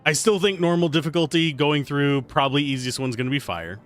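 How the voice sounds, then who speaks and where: A man's voice: on the high side, fairly quick, soft background music. A man casually commentating while he plays a video game on a livestream, chatty and playful as he thinks aloud. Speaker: streamer playing a video game.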